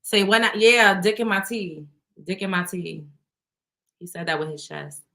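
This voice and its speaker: A woman's voice: mid-range voice, normal speed, vocal fry, sharp tone. A woman hosting a casual chat show, telling stories bluntly with plenty of swearing and frequent laughter. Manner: blunt, profane storytelling; laughs often while talking. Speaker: host.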